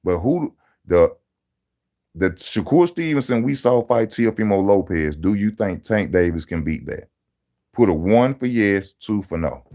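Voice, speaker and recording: A man hosting a live boxing channel stream, talking straight to his viewers in loud street-style banter, mocking and teasing. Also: on the low side, lively intonation, a little slow.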